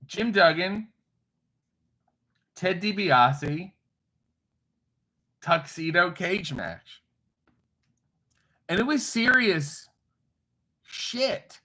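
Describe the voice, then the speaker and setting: A man's voice: sits high, big pitch swings, extremely slow, pauses often, bright, forceful tone, low-quality recording. A man hosting a casual livestream, reading viewer comments aloud with irreverent, wry, profane asides. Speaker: livestream host reading chat. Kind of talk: casual live chat.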